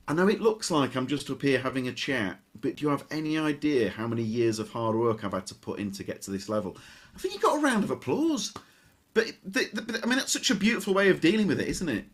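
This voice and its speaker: A man's voice: medium pitch, slightly rough. A middle-aged man hosting a comedy podcast, chatting casually with frequent restarts. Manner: chatty, lively, with hesitant restarts. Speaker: podcast host.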